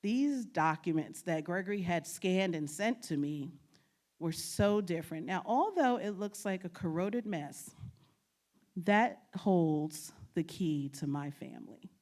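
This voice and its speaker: A woman from New York giving a storytelling presentation as a guest speaker, animated and often laughing as she acts out her family's words. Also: fairly low pitch, a little slow. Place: lecture at a state archives building.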